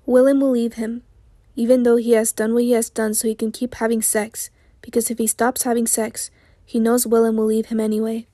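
Hoarse lady reading a novel aloud, dark mellow tone, dry close sound. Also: fairly high pitch, little pitch movement, a little fast, dry recording. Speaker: audiobook narrator. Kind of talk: audiobook narration.

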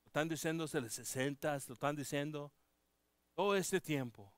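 A man preaching a sermon, moving between loud proclaiming and hushed pleading, with halting restarts. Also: on the high side, dry recording. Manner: halting, with many restarts and fillers. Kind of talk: bilingual sermon. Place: church.

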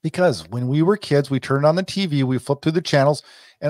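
A man's voice: fairly high pitch, a little fast, darkish tone, dry recording. A man co-hosting a hockey podcast, ranting emphatically and repeating his points. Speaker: podcast co-host. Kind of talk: casual sports chat.

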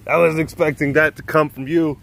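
A man who works with big cats, chatting and joking as he walks outdoors around a sanctuary, cooing softly at the animals. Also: a little high, steady tone, fairly quick, gravelly, a little hiss or hum. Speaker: big cat keeper at a wildlife facility. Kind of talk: casual walking vlog. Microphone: handheld phone.

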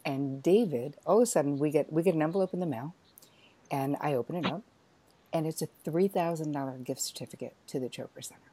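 A middle-aged woman hosting an interview, telling a lively personal story in a chatty, animated way. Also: sits low, fast talker. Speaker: podcast host.

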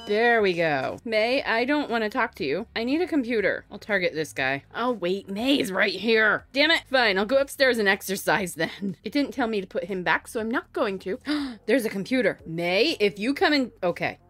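A woman's voice: mid-range voice, animated, moderate pace, few pauses, a bit bright, dry recording. A young woman giving casual let's play commentary, chatting along and scolding the characters on screen. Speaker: gameplay streamer.

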